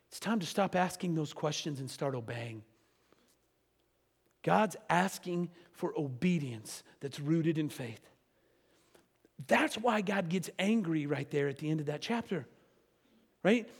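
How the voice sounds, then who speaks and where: A man's voice: a little high, lively intonation, measured pace, gravelly, long pauses, breathy edge, long reverb tail. A man preaching a sermon as pastor, talking to the congregation in a conversational way with frequent tag questions like "right?" and "okay?".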